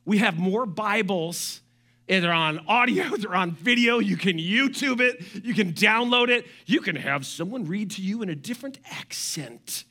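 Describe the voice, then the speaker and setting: High-voiced, bright animated male pastor. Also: normal speed. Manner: animated, joking asides and quoted voices. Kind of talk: sermon.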